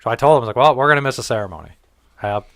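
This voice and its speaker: Very fast and mid-range, the man's voice comes through with no echo as he hosts a podcast. He narrates a story casually, full of profanity, and acts out what people said in an animated way.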